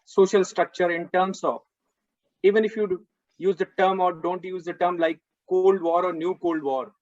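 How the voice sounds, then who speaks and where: A man's voice: high voice, steady tone, moderate pace, a little mellow, no echo, dull audio. A man speaking hesitantly on a panel, with many fillers, over a video call. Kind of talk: panel discussion.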